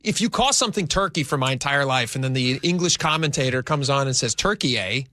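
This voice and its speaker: A man's voice: medium pitch, quick pace, pushed and bright. A man co-hosting a radio talk show, chatting and joking casually with his co-host. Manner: chatty, joking, easily amused.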